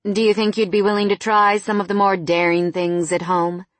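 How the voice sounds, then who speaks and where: A woman's voice: medium pitch, flat delivery, normal speed, no room sound, lightly acted. A woman reading the part of a confident young man working as a masseur, coaxing and teasing.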